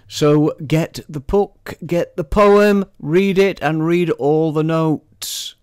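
A man recites scripture and his own verse with measured, dramatic weight, sometimes sinking to a hush. His voice sits a little high for a man. The sound is close and dry, with no room around it. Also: clean tone, no echo. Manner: measured, dramatic recitation with dropped, hushed asides. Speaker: poet reading his own work. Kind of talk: poetry and scripture reading with commentary.

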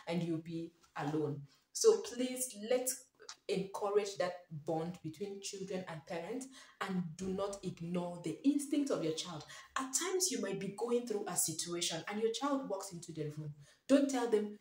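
A woman vlogger speaks earnestly about raising children and drives her points home by repeating them. Her voice sits at a middle pitch and carries a roomy echo. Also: animated, normal speed, a little mellow, recorded from a distance. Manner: emphatic, repeats key phrases, pleading. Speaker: parenting vlogger, mother. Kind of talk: earnest advice to camera. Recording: echoey room.

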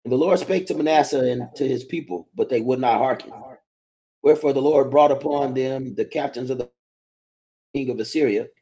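Man reading scripture, mellow tone. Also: medium pitch, husky, rough recording. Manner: steady, measured reading. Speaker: scripture reader.

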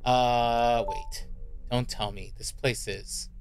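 A man's voice: mid-range voice, fairly even intonation, slow, over music. A man streaming a horror game in casual commentary, reacting jumpily and swearing often. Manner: jumpy, reactive and profane, with repeated worried remarks.

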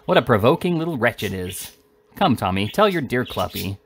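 A man's voice: mid-range voice, very animated, brisk, a little hiss or hum. A man voicing a gossipy, coaxing middle-aged woman in a storybook reading. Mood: scolding. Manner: wheedling, exclaiming.

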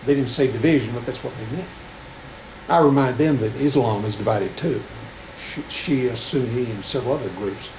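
A middle-aged man preaching a sermon in a church, reading scripture with rising emphasis and halting restarts. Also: mid-range voice, a little mellow. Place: church sanctuary. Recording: echoey church room with faint air conditioning hum.

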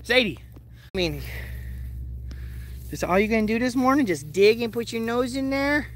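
A man livestreaming outdoors while walking his dogs, casually chatting with viewers and swearing freely in an excitable way. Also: very high voice, moderate pace. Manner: profane, excitable, greets chat viewers. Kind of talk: casual live stream chat.

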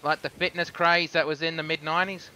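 A man's voice: fairly high pitch, level tone, brisk, bright, forceful tone, slight background noise. An Australian man chatting casually while streaming a game, cursing when things go wrong. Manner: chatty, swears when frustrated. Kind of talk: casual live game commentary. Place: home room with fireworks outside.

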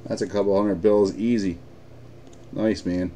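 Swearing, excitable card break host. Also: male voice, on the low side, unhurried, a little hiss or hum. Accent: American. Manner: excitable, swears freely, laughs often. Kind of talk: live-streamed card break chat.

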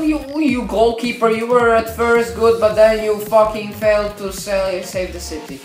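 Brief: woman gamer, foul-mouthed, lively pitch jumps, slow delivery, roomy echo, faint music behind. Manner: swears a lot, swings from mutters to excited shouting. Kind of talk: let's-play commentary. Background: faint background music.

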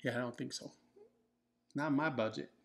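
A man's voice: mid-range voice, fairly quick, vocal fry, a bit bright. Joking man chatting casually. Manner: joking, rambling, playful. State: nursing a broken ankle. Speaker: co-host of a couple's keto vlog. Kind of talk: casual chat.

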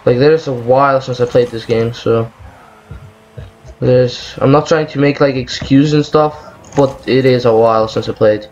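A man's voice: mid-range voice, steady tone, normal speed, darkish tone, highs cut off, slight background noise. A man giving angry gameplay commentary, swearing and ranting about lag as he plays. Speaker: gaming video creator.

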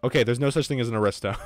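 A young man streaming an online game with viewers, chatting casually, swearing freely and getting excited. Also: medium pitch, slight background noise. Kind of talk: casual gaming chat.

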